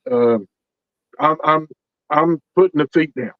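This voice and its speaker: An earnest man tells a story in a folksy, unhurried way, often repeating himself as tension builds. His voice sits a little high for a man. The recording is dry and slightly dull, with a lo-fi quality. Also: dry recording. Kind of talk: casual spoken storytelling.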